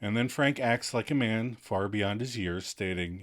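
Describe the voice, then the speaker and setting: A man co-hosting a podcast, recapping an episode in casual chat and acting out characters' lines in high voices. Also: unhurried, hardly any pauses, a bit bright. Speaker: podcast co-host.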